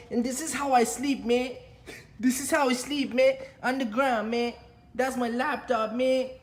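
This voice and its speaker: A man's voice: very high voice, pitched above the performer's own voice. A man putting on a swaggering streetwise young man for a comic vlog bit, bragging and tagging every phrase with "man" in an empty condo. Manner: boastful, mock-tough, joking. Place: bare condo apartment. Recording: echoey room with long reverb.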